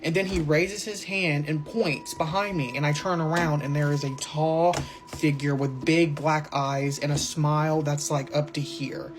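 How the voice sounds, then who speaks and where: A young person telling a scary camping story casually, animated and swearing freely. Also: medium pitch, unhurried, few pauses, noisy background.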